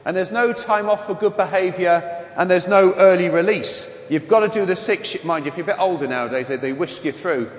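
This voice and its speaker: High-voiced London priest in an echoey church. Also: male voice, brisk, hardly any pauses. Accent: mild London. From London, England. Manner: anecdotal, humorous, self-deprecating. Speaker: Catholic priest. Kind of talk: homily with personal storytelling. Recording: echoey church with long reverb.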